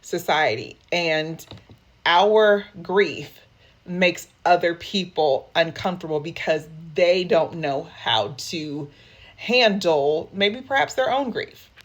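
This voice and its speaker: A woman grief counselor with a somewhat low voice shares personal things openly with her listeners. She talks in an emotional, unguarded way and keeps calling them y'all. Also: animated, a little slow. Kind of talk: candid personal talk to viewers.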